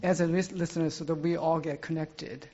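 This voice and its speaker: A man with a somewhat high voice shares earnestly in a group circle. He halts often and fills his pauses as he searches for words. The recording is muffled and lo-fi. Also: fairly even intonation, warm tone. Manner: earnest, halting, with many fillers. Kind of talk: personal sharing in a group.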